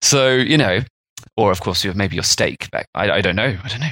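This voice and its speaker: A man's voice: on the low side, fairly quick, sharp tone, no echo, studio quality. A man, co-hosting a podcast and explaining food history in a rambling, chatty way. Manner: rambling, chatty storytelling with fillers. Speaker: podcast co-host. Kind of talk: casual explanatory chat.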